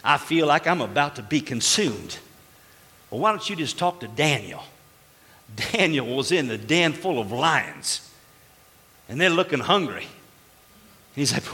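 A man preaching a sermon as pastor to his church, animated and exclaiming, acting out little dialogues. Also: medium pitch, normal speed, in a large hall. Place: church sanctuary.

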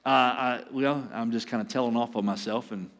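A man's voice: mid-range voice, steady tone, moderate pace, a bit bright. An older man, preaching a sermon to a congregation in a conversational way and telling a personal story. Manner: conversational preaching with acted asides and chuckles. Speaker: pastor. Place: church sanctuary. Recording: long reverb in a church hall.

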